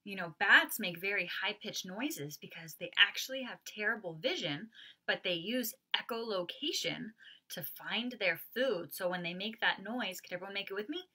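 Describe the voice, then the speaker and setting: A woman leading a children's storytime as a librarian. She talks in a sing-song voice, invites the kids to join in, and uses playful animal sounds and hushed asides. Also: medium pitch, animated, moderate pace. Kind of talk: family storytime with songs and rhymes.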